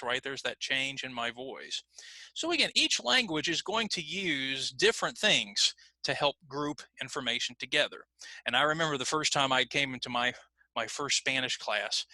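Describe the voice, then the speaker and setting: American man, ESL teacher, very bright voice, dry close sound, deliberate explaining. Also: mid-range voice, animated, dry recording, poor audio. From United States. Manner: slow deliberate emphasis on examples. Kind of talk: online lesson explanation.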